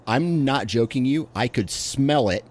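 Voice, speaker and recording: A man's voice: mid-range voice, lively intonation, a little slow, a little mellow. A man in his late thirties, co-hosting a podcast in casual chat, laid-back and laughing often. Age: late 30s. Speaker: podcast co-host.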